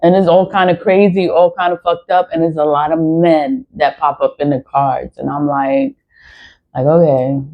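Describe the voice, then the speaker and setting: Woman, slightly low voice, rambling and blunt, swears freely, casual vlog, dull lo-fi sound. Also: fairly even intonation, normal speed. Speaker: YouTuber and tarot reader. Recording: dull lo-fi recording.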